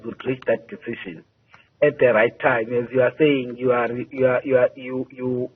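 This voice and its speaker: Over a tinny phone line, a South African party spokesperson with a husky, mid-range voice answers a news interview. He sounds measured and halting, hesitating a lot and repeating words.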